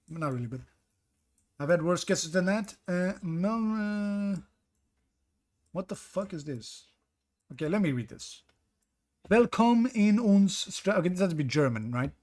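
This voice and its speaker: A man with a fairly high voice streams a geography guessing game. He reasons out loud and second-guesses himself. He chats casually with his viewers between guesses. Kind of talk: live-stream commentary reading chat.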